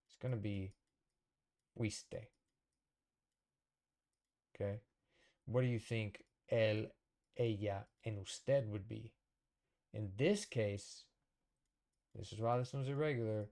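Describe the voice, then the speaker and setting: Man, low voice, warm and dark tone, casual teacher, thinks aloud, self-correcting. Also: slow, pauses often. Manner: thinks aloud, corrects himself, checks in with okay. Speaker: language teacher. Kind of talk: casual whiteboard lesson.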